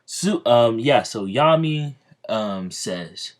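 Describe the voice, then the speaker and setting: A man's voice: medium pitch, expressive, slow. A man telling a fan-made story in a hesitant, rambling way, full of ums and restarts. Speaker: channel host.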